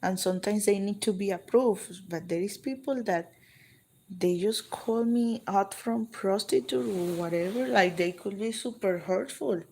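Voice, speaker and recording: A woman's voice: medium pitch, unhurried, creaky, a little mellow, slight background noise. A Colombian woman with a Colombian accent chatting casually on a livestream, answering viewer comments and switching between English and Spanish. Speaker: livestream vlogger.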